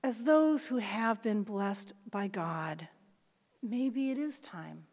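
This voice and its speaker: A woman pastor preaching a sermon in a church, earnest, dropping to soft whispers and rising for emphasis. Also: medium pitch, lively intonation, takes it slowly. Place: church sanctuary. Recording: long reverb of a large church hall.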